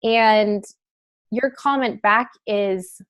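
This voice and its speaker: A woman's voice: mid-range voice, very slow, fairly bright tone, clean tone. Chatty woman coaching a class. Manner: chatty, filler-heavy, breaks into role-play quotes. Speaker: wellness sales trainer. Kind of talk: casual instructional talk.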